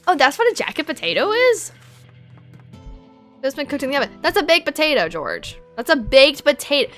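A woman's voice: high-pitched, fairly quick, soft background music. A woman live-streaming a game, chatting casually with her viewers and laughing often. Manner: giggly, animated, reads and answers chat. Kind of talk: casual live-stream chat while gaming.

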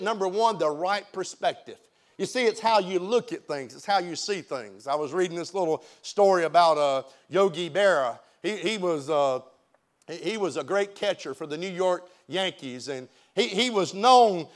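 Pastor, man, high-pitched, emphatic preaching, repeats himself. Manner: emphatic, repeats words and phrases. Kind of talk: sermon. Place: church sanctuary.

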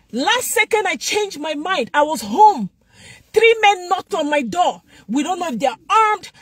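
Lady preaching hard, super high voice, keeps repeating herself to drive it home. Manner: fervent, exhorting, repeats lines for emphasis. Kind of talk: sermon.

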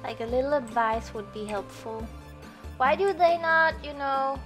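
A woman's voice: sits high, steady tone, a little slow, fairly bright tone. A young woman giving chatty gameplay commentary, easily startled and swearing when frustrated. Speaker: gaming youtuber. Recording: faint game music behind.

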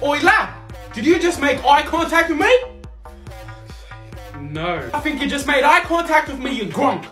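A man's voice: extremely high pitch, sing-song, measured pace, long pauses, echoey room, over music. A young man with an Australian accent, playing a taunting, slangy tough in a comedy sketch.

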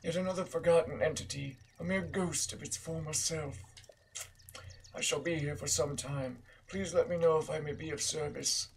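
A man's voice: fairly high pitch, fairly even intonation, normal speed, creaky, a little hiss or hum, voice pushed up. A man voicing a polite, teasing old male hermit in formal phrasing while reading game dialogue aloud. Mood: courtly.

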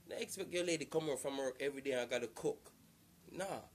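A man's voice: a little high, fast talker. A man giving casual relationship advice to the camera, earnest and repetitive, circling back to the same points.

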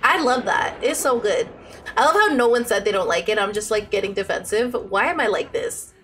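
A young adult woman streaming a game live, chatting excitably with her viewers and squealing as she plays. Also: mid-range voice, a little fast, slight background noise. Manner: excitable, squealing, talks to chat. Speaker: Twitch streamer.

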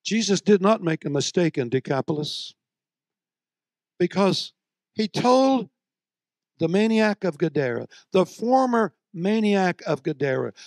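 A man preaching a sermon, moving between soft, low storytelling and loud, shouted exhortation. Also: very animated, measured pace, no room sound, studio quality.

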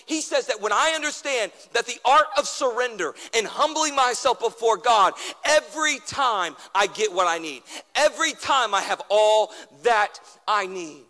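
A man preaching a sermon as pastor, building through repeated refrains and dropping suddenly to a hush. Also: very high voice, lively intonation, moderate pace, in a large hall.

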